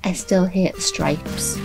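A woman's voice: mid-range voice, low-quality recording. A woman casually commenting while playing a video game, chatty and self-mocking, still a bit sleepy. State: sleepy, trying not to yawn. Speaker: gaming YouTuber.

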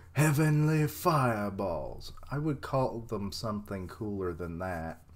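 A man with a low voice giving casual live commentary. He talks at a slow, easy pace. His reactions are excitable and he swears freely.

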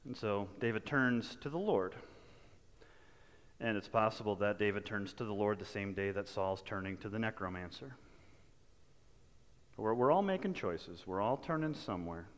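A man's voice: fairly low pitch, moderate pace, pauses often, long reverb tail. A male pastor giving a sermon in a conversational, folksy manner, often restarting his phrases. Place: church sanctuary.

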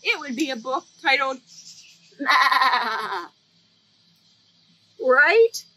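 A woman's voice: on the high side, sing-song, slow, a bit bright. A woman hosting a children's library storytime, playful and sing-song as she reads aloud and leads rhymes.

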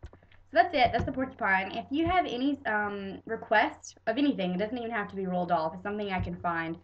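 A woman's voice: medium pitch, a little fast, slight background noise. Young woman reading a kids poem, stuffy nose, playful and bouncy, kinda lo-fi mic. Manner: playful, animated. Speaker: poetry reader. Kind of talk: storybook poem recitation.

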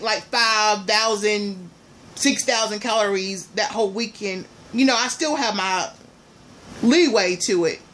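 A woman vlogger chatting casually and playfully to her viewers, calling them y'all, with loud bursts between quieter asides. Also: mid-range voice, slight background noise. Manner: animated, swings between soft asides and loud exclamations.

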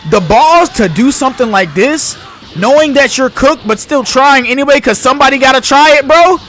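A young man giving live, excitable, slang-heavy commentary as he plays a video game. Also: extremely high pitch, moderate pace, slight background noise. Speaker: gamer.

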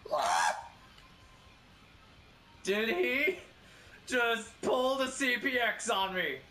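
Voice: mid-range voice, slow pace, pushed and bright. A gamer commenting on their own play, incredulous, repeating questions and breaking into laughter. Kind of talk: casual gameplay commentary. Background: game music.

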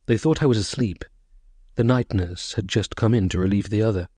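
A man narrating a short story as an audiobook, in a measured, sorrowful first-person voice. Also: fairly low pitch, mellow, husky, no room sound.

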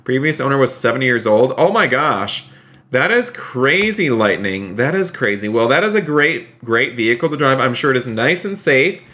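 A man streaming a game live, chatting upbeat and effusively and thanking his viewers by name, with sudden excited high exclamations. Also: normal speed.

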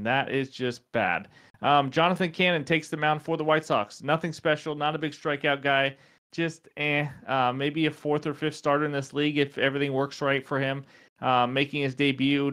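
A man's voice: mid-range voice, a bit bright. A man hosting a sports betting show, going through picks in a casual, chatty way with stats and fillers, and losing his voice. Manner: chatty, fillers and stat rundowns. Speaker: sports betting podcast host.

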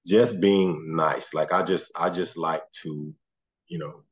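A very deep, husky man from Mississippi, a former basketball player and coach, chats as a guest in a relaxed interview. He speaks slowly and softly with fairly even intonation, often trailing off with "you know."

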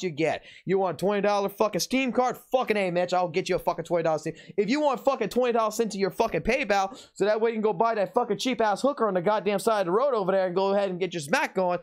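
A man talks straight to his stream audience in a loose, casual way, swearing constantly as he rants. His voice sits a little higher than most men's. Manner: profane, ranting, heavy cursing. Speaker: game streamer, host. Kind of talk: casual livestream talk.

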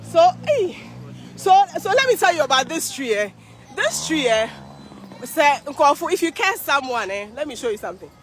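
A woman's voice: high-pitched, big pitch swings, moderate pace, soft background music. A Ghanaian woman vlogging live while walking along a street parade, tired from the walk, chatty and exclaiming. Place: outdoor city street at a parade.

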